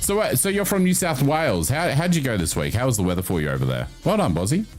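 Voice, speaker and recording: A man's voice: quick pace, faint music behind. A man hosting a livestream, chatting casually with his viewers and swearing freely. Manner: animated, chatty, swears freely, jumps up in pitch. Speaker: livestream host. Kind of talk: casual chat with stream viewers.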